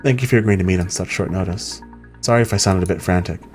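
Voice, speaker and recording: A man's voice: sits low, quick pace, a little mellow, faint music behind, natural voice. A man voicing a loyal, fed-up young woman cab driver as he reads game dialogue aloud.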